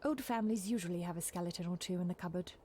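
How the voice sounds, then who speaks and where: An actress playing a caring, teasing woman companion in a video game, gentle but insistent. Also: on the low side, rapid-fire, a little hiss or hum, natural voice. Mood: coaxing.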